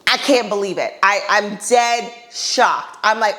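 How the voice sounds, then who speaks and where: Podcast lady telling a wild date story, lively, acts out what she said, pretty blunt. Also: medium pitch, measured pace, hardly any pauses. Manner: animated, acts out her own reactions in dialogue; blunt, exasperated asides to listeners. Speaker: podcast host. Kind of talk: casual comedic storytelling.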